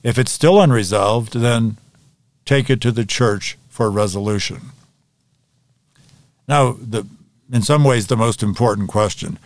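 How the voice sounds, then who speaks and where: A man teaching a Bible study lesson, working methodically through review questions and answers in a measured way. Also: fairly low pitch, no echo.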